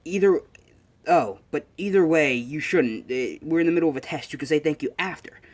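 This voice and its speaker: A man's voice: a little high, brisk, a little mellow, pitched above the performer's own voice, close to an everyday voice. A man voicing a stiff, formal teenage boy who scolds others in a proper way.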